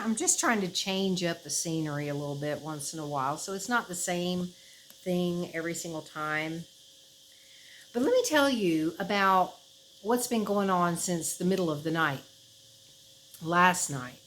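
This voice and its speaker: A woman's voice: lowish voice, expressive, unhurried, fairly bright tone, slight background noise, rough recording. A woman chatting casually to her camera at home, rambling with fillers and laughs. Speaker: vlogger. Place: her house, indoors.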